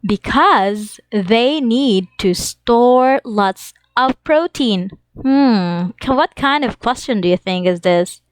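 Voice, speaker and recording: A woman's voice: a little high, expressive, clear, resonant tone, dry recording. Sing-song woman teaching young children. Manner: sing-song, slow and exaggerated for young learners. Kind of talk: online English lesson for children.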